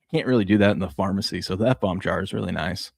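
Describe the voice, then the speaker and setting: A man's voice: sits low, quick pace, vocal fry, dry recording. A man in his thirties, a sports show co-host, chatting casually and telling laid-back stories about his kids. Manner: laid-back storytelling with laughs. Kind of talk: casual chat.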